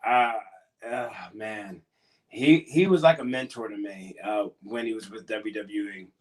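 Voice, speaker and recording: Low-voiced man telling rambling stories. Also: steady tone, unhurried. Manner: rambling, repeats words and restarts. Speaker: former pro wrestler as guest. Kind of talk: casual interview storytelling.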